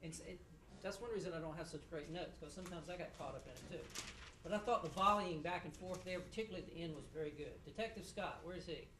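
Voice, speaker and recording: A middle-aged male judge, fairly high-voiced and sharp in tone, critiques students after a mock trial in halting, repetitive bursts spiced with dry wit. Set well back from the mic, he echoes around the courtroom over a faint room hum.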